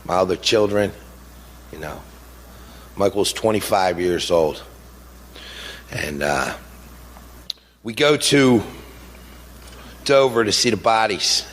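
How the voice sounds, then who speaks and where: A man's voice: deep voice, expressive, takes it slowly, long pauses, slight background noise. A middle-aged man giving an impassioned public speech as a grieving father, blunt and emotional, full of rhetorical questions. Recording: long hall reverb.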